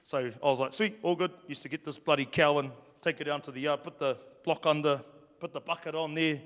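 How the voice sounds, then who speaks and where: A man's voice: on the high side, level tone, fairly quick, a bit bright. A man with a New Zealand accent telling stories about his childhood to a live audience, in a casual, joking way with plenty of swearing. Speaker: speaker. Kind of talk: storytelling talk to a live audience. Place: hall with an audience. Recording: long reverb of a hall.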